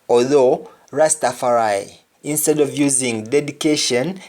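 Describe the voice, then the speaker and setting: A man teaching pronunciation, saying each word slowly and then repeating it to contrast the sounds. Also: medium pitch, sing-song. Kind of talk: pronunciation lesson.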